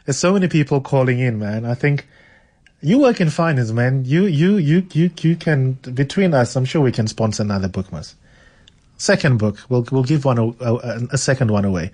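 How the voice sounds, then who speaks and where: A man hosting a radio book show. He chats with callers and reads passages aloud in a relaxed way, often restarting his sentences. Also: mid-range voice, normal speed. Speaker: radio host. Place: radio studio.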